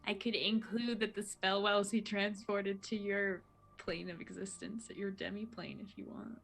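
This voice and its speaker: A woman's voice: medium pitch, level tone, normal speed, vocal fry, fairly bright tone, low-quality recording. A woman in a mid-range voice talks through her plan as a tabletop player, thinking aloud. Faint music plays behind her. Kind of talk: casual tabletop play.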